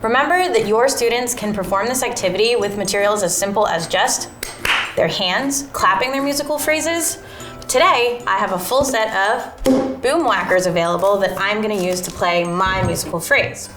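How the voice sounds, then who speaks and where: A woman explaining a classroom music activity step by step, in a clear and methodical way. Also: medium pitch, normal speed, a bit bright, roomy sound. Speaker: teacher. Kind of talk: instructional lesson narration.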